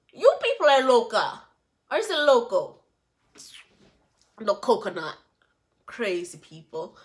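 Lively high-voiced woman ranting about a show. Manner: animated, scolding, mocking the cast in put-on voices. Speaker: reality TV reviewer. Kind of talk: casual recap commentary.

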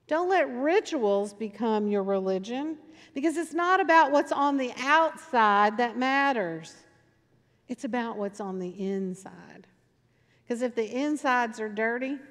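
A woman pastor preaching a sermon in a conversational storytelling way, driving points home with emphatic repetition. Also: fairly high pitch. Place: church sanctuary. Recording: long reverb in church sanctuary.

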